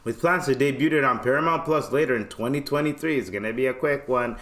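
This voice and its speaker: A man's voice: mid-range voice, quick pace, few pauses, a bit bright. A man from Canada hosting a podcast in casual chat, joking, slangy and self-mocking. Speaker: podcast host.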